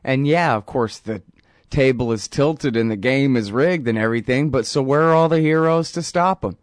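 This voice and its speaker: A man's voice: on the high side, lively intonation, normal speed, no room sound, studio quality. A man hosting a show, ranting sarcastically about politics in a rambling, mocking way. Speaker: host. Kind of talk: casual political rant.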